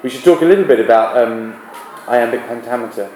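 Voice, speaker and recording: A man's voice: medium pitch, a little mellow, echoey room, a little hiss or hum, low-quality recording. A male literature teacher giving a classroom lesson, often restarting his sentences. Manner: halting, with many restarts and fillers.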